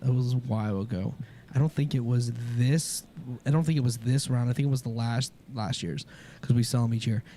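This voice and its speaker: A man's voice: mid-range voice, fairly quick, slight background noise. A young man hosting a casual podcast chat, telling stories and acting out the quoted dialogue. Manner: animated storytelling, acts out quoted dialogue. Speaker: podcast host.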